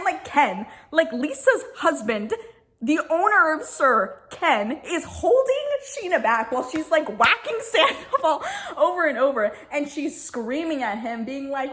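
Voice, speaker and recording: Her voice sits high, expressive and fairly bright, as this woman vlogger gossips through a casual recap of reality TV drama. The storytelling is chatty and loaded with "like," with quick impressions of what people said.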